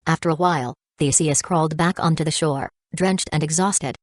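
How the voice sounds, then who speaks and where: Low-voiced woman reading an audiobook. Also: normal speed, dry recording, clean studio sound. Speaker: audiobook narrator. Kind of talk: audiobook narration.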